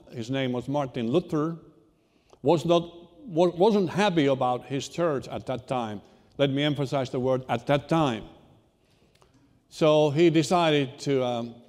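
Pastor preaching in a reverberant church. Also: male voice, mid-range voice, a little mellow. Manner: unhurried, halting delivery with repeated restarts. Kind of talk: sermon. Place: church sanctuary.

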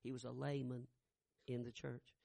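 A man's voice: medium pitch, little pitch movement, moderate pace, vocal fry, warm tone, no echo. A man preaching a sermon, telling a story in a folksy, conversational way.

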